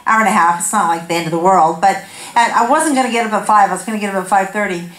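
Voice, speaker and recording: A woman's voice: mid-range voice, quick pace, a bit bright. A woman in her fifties giving a candid, humorous sermon on a corded mic in a church, telling self-deprecating stories. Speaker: guest speaker. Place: church sanctuary. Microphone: handheld corded mic. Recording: echoey church hall.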